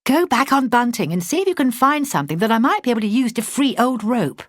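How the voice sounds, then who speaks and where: A practical young woman skipper , read aloud by a woman, who speaks in a brisk, decisive way. Her voice moves lively up and down. The sound is dry and close. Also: on the high side, no room sound, pitched above the performer's own voice. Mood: urgent.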